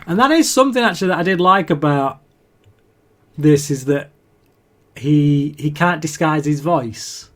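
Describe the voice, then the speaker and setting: A man's voice: a little high, a little slow, pauses often, a bit bright. A man co-hosting a podcast, recapping a TV episode in casual chat, laughing often and restarting sentences. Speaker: podcast co-host.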